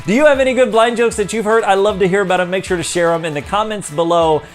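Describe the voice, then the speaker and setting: A man's voice: sits high, fast, faint music behind. A young man hosting his own online channel, talking casually to the camera in an upbeat way, laughing easily and acting out the lines he quotes. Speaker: YouTube host.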